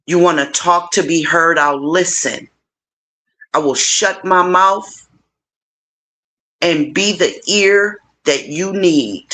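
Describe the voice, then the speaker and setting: Slow, bright-voiced woman streamer. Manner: warm, encouraging, animated with big pitch swings; playful, addresses viewers directly. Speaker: livestream host. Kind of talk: casual livestream chat with viewers.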